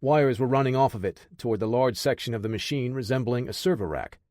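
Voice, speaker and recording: A man narrating an action audiobook in a steady, measured voice. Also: mid-range voice, no room sound, studio quality.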